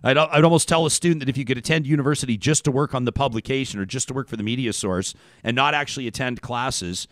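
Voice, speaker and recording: A male talk show host in casual conversation, rambling and restarting as he thinks aloud. His voice sits at an ordinary middle pitch. The sound is dry and close, with no room around it. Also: fast, hardly any pauses, fairly bright tone, dry recording.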